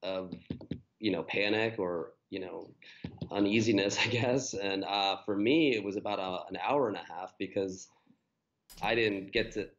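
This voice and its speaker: A man's voice: on the low side, unhurried, lo-fi sound. A man, a guest on a running podcast, telling his race story in a casual, rambling way with many fillers and restarts.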